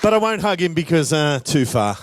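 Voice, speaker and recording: A man's voice: on the high side, sing-song, fairly quick, some chatter behind, a little hiss or hum. A man hosting a live show, bantering playfully with the audience. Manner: playful, addresses audience, hesitant restarts. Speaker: host and emcee. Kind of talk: live stage emcee banter.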